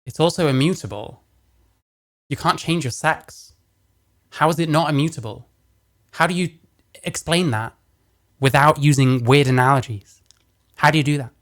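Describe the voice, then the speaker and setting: A man's voice: on the high side, normal speed, long pauses, fairly bright tone. A man giving blunt, mocking, profane commentary as he reacts to a clip.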